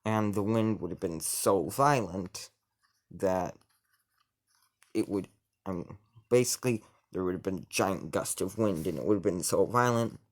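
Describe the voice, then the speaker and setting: A man's voice: low voice, a little slow. A man improvising a fantasy story in casual narration, rambling, with frequent restarts and self-corrections.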